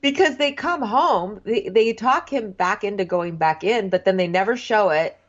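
A woman's voice: medium pitch, lively intonation, moderate pace, dull audio. A woman co-hosting a casual show recap, blunt and incredulous, swearing freely. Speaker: podcast co-host.

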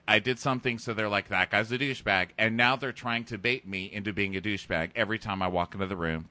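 Animated man with a bright, dry voice. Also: no room sound. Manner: animated, mimics people with big pitch jumps. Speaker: podcast co-host. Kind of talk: casual chat recapping a reality show.

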